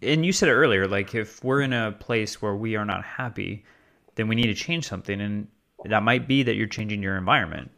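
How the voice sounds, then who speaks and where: Male host, lower pitch, calm interviewer. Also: a little fast, creaky. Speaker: podcast host. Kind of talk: casual interview.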